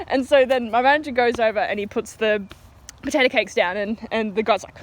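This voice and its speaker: A woman's voice: fairly high pitch, fairly quick. A young Australian woman telling a story casually outdoors, rambling with lots of fillers and giggles.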